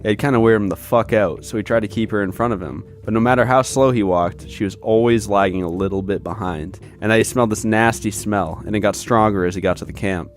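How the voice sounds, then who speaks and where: Male podcast co-host, low voice, casual profane storyteller. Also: brisk, hardly any pauses. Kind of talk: reading a scary story aloud.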